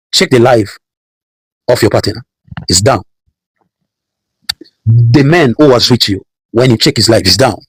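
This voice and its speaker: A man's voice: mid-range voice, husky, no echo, rough recording. A man preaching a sermon, repeating phrases and building emphasis as he calls out Bible verses. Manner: preaching with repetition and rising emphasis. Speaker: pastor.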